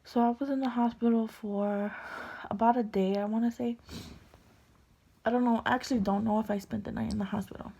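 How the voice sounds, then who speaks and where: Tearful young woman, gravelly and hushed. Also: fairly high pitch, fairly even intonation. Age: early 20s. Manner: halting, soft-spoken, often whispering. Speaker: vlogger. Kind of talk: personal storytelling to camera.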